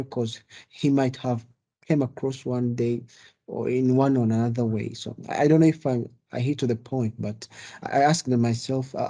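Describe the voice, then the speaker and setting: A man's voice: mid-range voice, dark tone. A man asking a long, hesitant question in a webinar, with many restarts, on a video call. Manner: hesitant, restarts, non-native phrasing.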